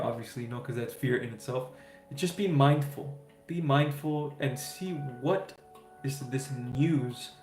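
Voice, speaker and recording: A man with a medium-pitched, slightly mellow voice hosts a laid-back spiritual livestream and answers viewers' questions reassuringly. His speech is full of fillers and "right?" tags, and the room echoes with faint music behind him.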